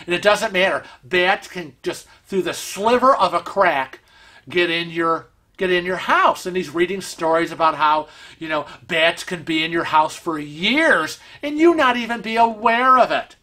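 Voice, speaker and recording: A man telling a story in an animated, excitable way to his vlog viewers. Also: sits high, moderate pace. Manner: animated, excitable storytelling with laughs and acted-out quotes. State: vision impaired, uses a cane. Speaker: vlog host. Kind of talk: casual storytelling.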